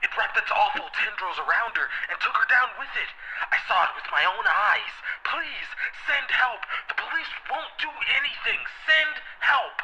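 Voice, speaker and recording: A man's voice: very high voice, animated, normal speed. A man voicing a desperate parent calling for help over the phone about a child taken by a creature. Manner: desperate, pleading. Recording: noisy tinny phone line.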